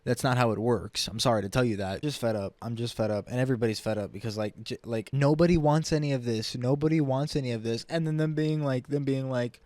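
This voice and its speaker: A young man ranting angrily as a vlogger, profane and heated, jumping from shrill mockery to low, weary muttering. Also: quick pace, hardly any pauses, a little mellow, dry recording. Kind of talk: angry ranting commentary.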